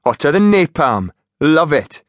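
A man voicing a cocky young male soldier with a Geordie accent, teasing loudly. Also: a little high, sing-song, unhurried, no room sound, clean studio sound, pitched above the performer's own voice. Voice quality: brash, teasing, loud.

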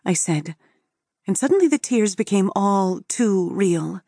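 A woman's voice: medium pitch, lively intonation, unhurried, mellow, dry recording, clean studio sound. A woman narrating a first-person story for an audiobook in an intimate storytelling manner.

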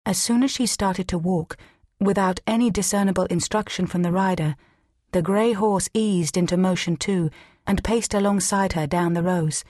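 A woman narrating an audiobook in a measured, steady reading. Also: lowish voice, no echo, clean studio sound. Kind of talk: scripted narration.

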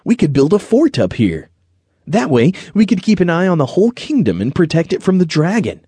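Eager young boy in an audiobook, high and bouncy, voiced by a male narrator. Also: moderate pace, slightly rough, no echo. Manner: excited, bouncy. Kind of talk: audiobook character voice.

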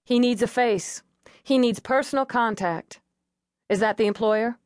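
A woman reading an audiobook voices a steady female police negotiator, calm and coaxing. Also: on the high side, a little slow, no echo, clean studio sound, pitched above the performer's own voice, close to an everyday voice. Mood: firm, brisk.

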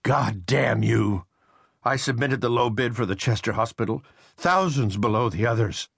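A man's voice: on the low side, moderate pace, slightly rough, no room sound, studio quality, pitched above the performer's own voice. A man voicing a desperate ruined contractor. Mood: raging. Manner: agitated, accusing. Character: desperate bankrupt middle-aged male contractor.

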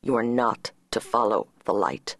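Woman narrator doing a grown man, gentle, firm, soft-spoken, pitched low, dry close sound. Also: lively intonation, moderate pace, vocal fry, slightly rough, no room sound, heavily acted. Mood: softly firm.

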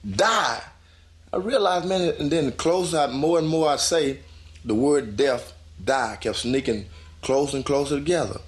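A man giving a live spoken testimony in folksy, loose conversational phrasing, acting out his own inner voice by going higher and louder. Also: lively intonation, brisk.

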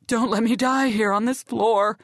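A woman's voice: fairly high pitch, steady tone, moderate pace, no echo, clean studio sound, pitched above the performer's own voice. A woman voicing a vain, glamorous woman bleeding out on the floor, worried about her looks.

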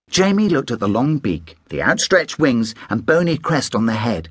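A man narrating a children's audiobook in an animated storytelling manner, close on a studio mic. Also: medium pitch, moderate pace, hardly any pauses, breathy edge, no echo.

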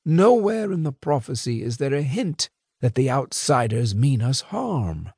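A man's voice: mid-range voice, big pitch swings, unhurried, a little mellow, slightly rough, dry recording, clean studio sound, pitched above the performer's own voice, exaggerated voice. A man voicing a stern, commanding werewolf elder who leads his tribe. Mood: solemn.

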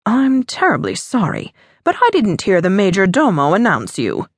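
A woman's voice: mid-range voice, wildly swooping pitch, normal speed, husky, no room sound, studio quality, exaggerated voice. A woman voicing a stern, proper wealthy society mother who disapproves easily, in an audiobook. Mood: gushing.

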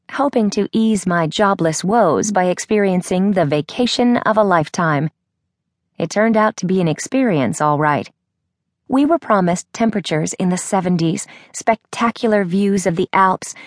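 Woman reading an audiobook, lowish voice, wry and dry, close and dead-dry sound. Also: dry recording. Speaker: audiobook narrator. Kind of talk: scripted first-person narration.

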